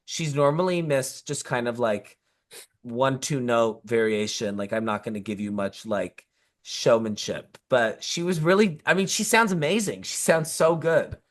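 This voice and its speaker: A woman's voice: extremely low pitch, unhurried. A woman co-hosting a pop music podcast in casual chat, talking enthusiastically with lots of fillers. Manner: chatty, enthusiastic, many fillers. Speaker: podcast co-host.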